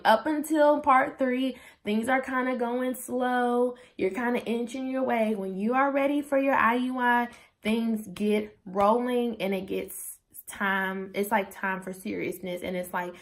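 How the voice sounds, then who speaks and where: A young adult woman vlogging, telling a personal story in a casual, chatty way, saying "like" constantly and acting out what others said. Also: a little high. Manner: chatty, animated, says "like" constantly, acts out quotes.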